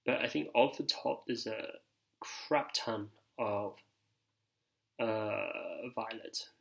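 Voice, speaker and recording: A man reviews fragrances in a loose, meandering chat. He talks slowly, with plenty of fillers and side remarks. His voice has a bright, forward tone. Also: on the low side, gravelly, low-quality recording. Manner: loose, filler-heavy, reads reviews aloud. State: ears ringing after a shower. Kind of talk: casual rambling chat.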